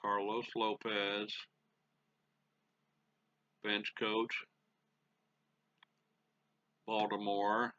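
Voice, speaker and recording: Slow-talking man narrating a baseball game. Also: on the low side, level tone, pushed and bright, highs cut off. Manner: muttering to himself, folksy exclamations. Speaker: gaming channel host.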